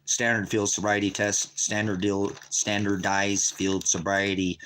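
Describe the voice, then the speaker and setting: A man's voice: lowish voice, little pitch movement, measured pace, hardly any pauses. Profane, taunting male livestreamer. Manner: profane, taunting, shouts at chat. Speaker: livestream host. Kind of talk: angry livestream rant. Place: at home by a wood stove.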